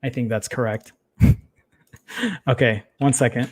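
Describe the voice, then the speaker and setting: This tech livestream host has a medium-pitched, steady, darkish voice and a measured pace. Casual and rambling, he keeps interrupting himself with apologies as he fumbles through photo files, muttering and swearing softly.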